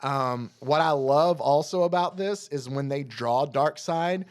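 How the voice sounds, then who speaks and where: A man's voice: a little high, unhurried, clean tone. A man co-hosting a podcast, recapping a comic book story with enthusiasm and plenty of filler words. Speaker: podcast co-host. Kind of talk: casual comic book discussion.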